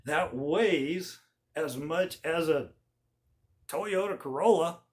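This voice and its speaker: A man hosting his channel, telling an old story in a folksy, animated way. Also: fairly high pitch, slow pace. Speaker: channel host. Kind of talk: casual storytelling.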